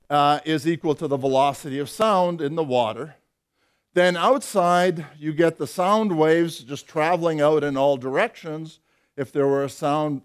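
An older man lecturing on physics in a slightly high-pitched voice. He explains carefully and methodically, pausing on fillers now and then and slipping in dry, wry asides. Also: smooth. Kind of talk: academic lecture.

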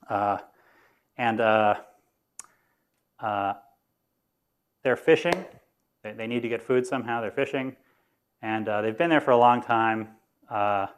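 A man lecturing on physics to students in a lecture room, informal and explanatory, thinking aloud as he goes. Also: fairly low pitch. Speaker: university lecturer.

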